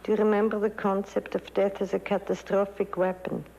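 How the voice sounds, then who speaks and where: A woman psychiatrist speaking earnestly and gently about children facing death. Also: mid-range voice, level tone, fairly quick, gravelly, in a large hall. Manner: earnest and gentle, reads quoted poems aloud. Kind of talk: reflective talk about dying children. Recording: dull lo-fi recording.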